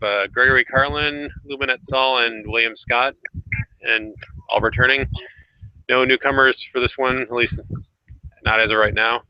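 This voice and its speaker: A man hosting a casual online group chat, talking hesitantly with many filler pauses over a home computer mic. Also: mid-range voice, no echo. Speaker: host. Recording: dry, muffled lo-fi audio.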